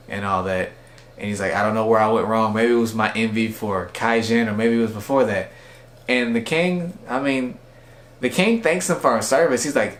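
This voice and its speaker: A man's voice: mid-range voice, fairly quick, a little hiss or hum. A man casually recapping and reviewing an anime episode, rambling with lots of "like" and "you know". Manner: rambling, filler-heavy with frequent "like". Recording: echoey room.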